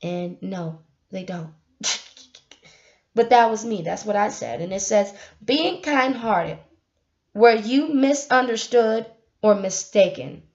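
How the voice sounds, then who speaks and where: A young woman giving a casual spiritual monologue, animated and preachy, swinging from loud outbursts to hushed asides. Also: medium pitch, slow pace, long pauses, highs cut off. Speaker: speaker.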